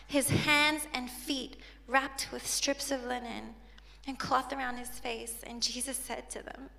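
Woman preacher from South Africa, bright and high, emotional sermon, long hall reverb. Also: steady tone, unhurried, gravelly. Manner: emotional, voice breaking into tears. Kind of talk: sermon, reading scripture aloud.

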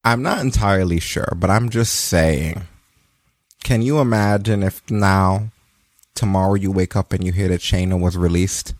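A man with a fairly low voice runs through last night's wrestling in a loose, joking way, swearing freely. The sound is dry and close, with no room around it. He talks like a regular co-host chatting. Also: moderate pace, no echo. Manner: loose, profane, joking storytelling. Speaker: podcast co-host. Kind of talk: casual wrestling recap chat.

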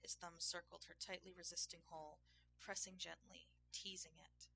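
A woman reading an erotic story aloud in a measured, intimate way. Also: fairly low pitch, level tone, vocal fry, pushed and bright, poor audio. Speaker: narrator. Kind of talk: erotic audiobook narration.

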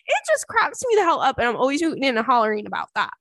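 Animated, profane young woman chatting. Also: on the high side, fast, hardly any pauses, no room sound, clean studio sound. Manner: animated, profane, laughs often. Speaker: podcast host. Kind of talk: casual chat.

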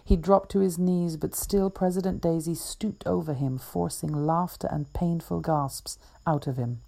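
A woman author reading her own short story aloud in a measured, even way. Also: lowish voice, vocal fry.

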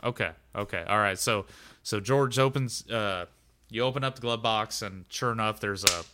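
A man's voice: lowish voice, pushed and bright. A man narrating a tabletop game as game master, talking casually and rambling with lots of filler words.

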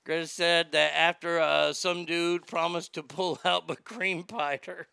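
A man in his late forties hosting a live show, ranting crudely and mockingly, swinging between loud outbursts and mutters. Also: fairly high pitch, flat delivery, a little slow, creaky, smooth. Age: late 40s. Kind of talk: crude comedic rant.

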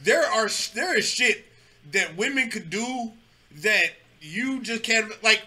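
Male co-host, high bright voice, blunt slangy talker. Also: animated, takes it slowly. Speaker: podcast co-host. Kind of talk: casual chat.

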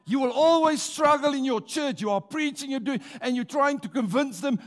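A man preaches in a church with a notably high voice. He rallies the congregation with call-and-response and stretches out his key words. His delivery is rousing and emphatic. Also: animated, moderate pace, few pauses. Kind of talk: sermon.

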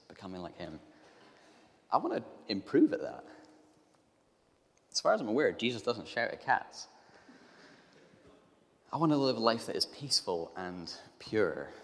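A man's voice: low voice, fairly bright tone. A man giving a sermon, telling a comic everyday story with exasperated asides. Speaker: preacher. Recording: long hall reverb.

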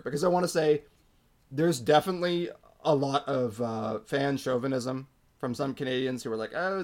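A man co-hosting a podcast, talking casually and with strong opinions, using lots of fillers. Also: mid-range voice. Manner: opinionated, animated, frequent fillers. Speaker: podcast co-host. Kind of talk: casual hockey chat.

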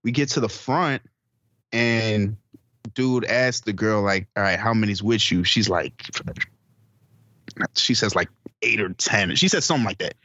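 A man's voice: on the low side, measured pace, pauses often, dry recording, lo-fi sound. Laid-back man telling a story, dry close mic. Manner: animated, swearing, acts out quoted people, laughs often. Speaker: podcast co-host. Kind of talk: casual storytelling among friends.

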